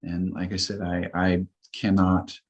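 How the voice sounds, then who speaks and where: Slow, low-voiced earnest man. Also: monotone, low-quality recording. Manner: earnest, slow, repetitive affirmations. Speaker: guest. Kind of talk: spiritual talk show chat.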